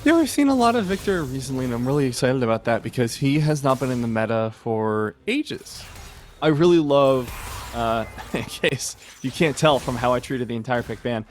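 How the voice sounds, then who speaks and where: A man's voice: medium pitch, lively intonation, moderate pace, faint music behind. Chatty, enthusiastic male co-caster. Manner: chatty, enthusiastic, laughs easily. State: a little hoarse. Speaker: esports co-caster. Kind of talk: live color commentary.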